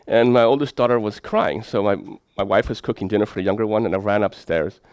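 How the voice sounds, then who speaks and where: A middle-aged man, giving a lecture as a professor, telling lively anecdotes and putting rhetorical questions to his audience. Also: lowish voice, fast, clean tone, dry recording, clean studio sound. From Sweden.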